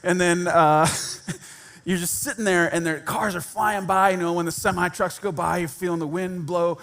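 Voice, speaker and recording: A man's voice: high-pitched, steady tone, normal speed, gravelly, fairly bright tone. A male pastor telling a personal story in a conversational sermon, self-deprecating and laughing at himself.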